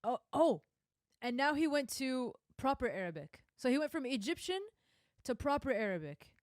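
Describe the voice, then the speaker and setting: A young woman streamer reacts to film clips in a casual, animated way, full of emphatic asides. Her voice is fairly high and swings widely in pitch. The sound is dry and close. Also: moderate pace, no echo.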